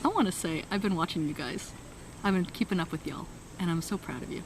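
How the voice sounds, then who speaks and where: A woman guest in an interview, telling a story with lively energy and acting out the people she quotes. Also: on the low side, fast, slight background noise, low-quality recording. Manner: lively, acts out quoted voices. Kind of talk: animated storytelling.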